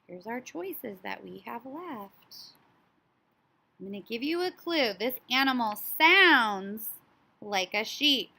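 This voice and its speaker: A woman teacher talks young children through the order of a story, slowly and with clear, careful emphasis. Her voice is bright and forward, and her delivery is animated and child-friendly. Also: on the high side. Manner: slow, animated, child-directed, imitates animal sounds.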